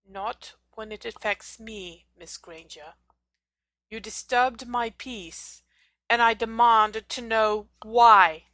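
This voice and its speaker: A woman's voice: mid-range voice, slow pace, a bit bright, no echo. A woman voicing a stern, sneering male potions teacher's ghost in a fan fiction audiobook reading, talking coldly and scornfully in clipped lines.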